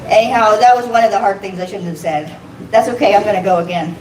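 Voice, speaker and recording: A woman's voice: medium pitch, quick pace. A woman doing a stand-up set, self-deprecating, swearing and laughing at her own jokes. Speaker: stand-up comic. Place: comedy club stage. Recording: echoey room from far off, noisy.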